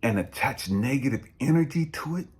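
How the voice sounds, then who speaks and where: Blunt preachy man, lively pitch. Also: normal speed. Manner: preachy and blunt, swings between loud and hushed. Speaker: spiritual coach. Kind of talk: motivational talk.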